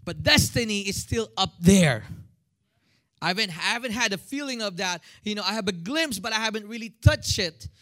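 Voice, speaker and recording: Filipino male pastor in his thirties, higher-pitched, animated preacher who prods the congregation to respond. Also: normal speed. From Philippines. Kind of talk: sermon.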